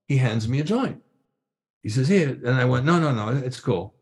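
A man's voice: mid-range voice, lively intonation, normal speed, a little mellow. An older man, a guest drummer, telling anecdotes in casual talk and acting out voices and drum sounds. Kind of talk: casual storytelling.

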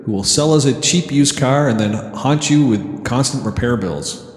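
A man hosting a comedy podcast, joking around with deadpan sarcasm. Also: medium pitch, normal speed, few pauses, husky, clean studio sound. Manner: jokey, playful, deadpan sarcasm. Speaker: podcast host. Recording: echoey reverb added on purpose.

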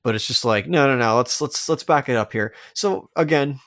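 A man's voice: mid-range voice, normal speed, a bit bright, no room sound, studio quality. A man co-hosting a podcast, rambling and interrupting himself as he argues a point. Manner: rambling, self-interrupting, emphatic. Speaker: podcast co-host. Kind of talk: casual discussion.

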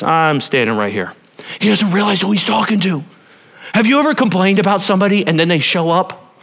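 A man preaching a sermon to a church congregation, animated and playful, talking straight to the people in front of him. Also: sits high, fairly quick. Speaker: pastor.

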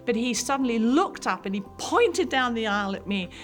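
This pastor, a woman in her fifties, gives mothers a heartfelt, earnest testimony at a moderate pace, very animated throughout. She has a fairly high voice, and faint soft music runs underneath.

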